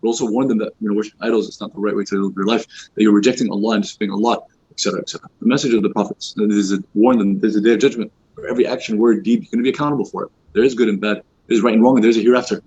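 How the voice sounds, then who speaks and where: Guy giving a youth talk at a mosque, super fast, lots of fillers, husky voice, muffled lo-fi recording. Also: lowish voice. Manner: fast, informal, many fillers like "you know" and "like"; acts out quoted speech in lively voices. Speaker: youth halaqah teacher. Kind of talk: casual religious talk to youth. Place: mosque hall. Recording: dull lo-fi recording.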